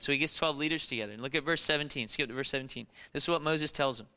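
A man's voice: fairly high pitch, racing, few pauses, pushed and bright, clean tone, big-room sound. A man preaching a sermon as pastor, emphatic and asking the congregation rhetorical questions. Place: church.

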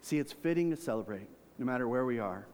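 A man preaching a sermon, swinging between loud, high emphasis and quiet, low asides. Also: animated, fast talker, long reverb tail, slight background noise. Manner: preaching with big swings in volume and pitch. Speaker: pastor.

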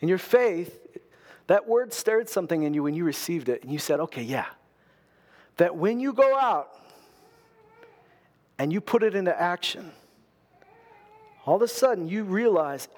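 Male pastor with a high voice, preaching to his church and stacking up rhetorical questions. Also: animated, moderate pace, long pauses. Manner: repeats words and phrases for emphasis; asks the congregation rhetorical questions. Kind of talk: sermon.

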